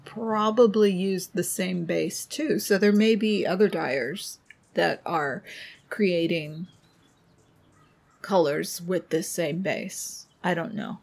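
A middle-aged woman co-hosting a podcast in casual chat, unhurried and thoughtful, often trailing off softly. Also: lowish voice, fairly even intonation, gravelly. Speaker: podcast co-host.

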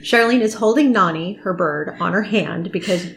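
A woman co-hosting a casual podcast from home, chatty and quick to chime in with agreement. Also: medium pitch, creaky, a little hiss or hum. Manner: chatty, with affirming interjections. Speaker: podcast co-host. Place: at home with pets nearby.

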